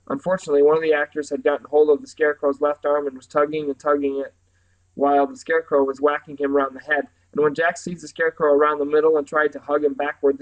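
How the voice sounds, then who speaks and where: Man reading a children's story, expressive, lively, slightly high voice. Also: rough recording. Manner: lively, expressive, occasional slips.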